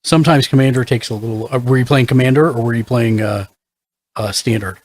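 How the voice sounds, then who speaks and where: A man's voice: mid-range voice, fairly quick, a little mellow, slight background noise. A man hosting a live game stream, upbeat as he greets viewers and reads chat aloud. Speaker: streamer host.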